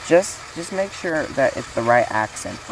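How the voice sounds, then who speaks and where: A woman's voice: rumbling low, big pitch swings, moderate pace. A woman casually announcing a fan series casting call, rambling with fillers and restarts, over a noisy hiss.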